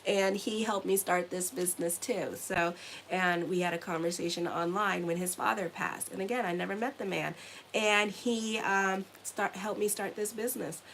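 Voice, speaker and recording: A woman, a tarot reader and astrologer, gives her viewers a casual reading, rambling and chatty and often ending lines with "okay?". Her medium-pitched, fairly bright voice is fairly even at a moderate pace, in a rough recording with a little hiss or hum.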